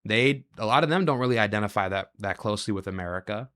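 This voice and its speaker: A male show host delivering a reaction monologue, asking rapid rhetorical questions and running through long lists of ideas. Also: lowish voice, animated, fairly bright tone, clear, resonant tone.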